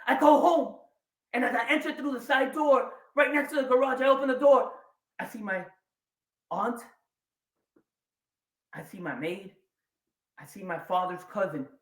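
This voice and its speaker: Guy in his 40s doing a big keynote story, dramatic pauses, roomy hall sound, mic kinda far. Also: very high voice. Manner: dramatic pauses, swings between quiet and loud. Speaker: keynote speaker. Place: large event room or hall. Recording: echoey hall, voice a bit distant.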